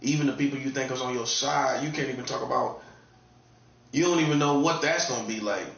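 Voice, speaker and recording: A man's voice: medium pitch, brisk, creaky, a bit bright. A man from North Carolina with a Southern accent, talking in a casual, laid-back, repetitive monologue with a warning tone. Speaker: online commentator. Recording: distant, echoey, dull lo-fi room sound.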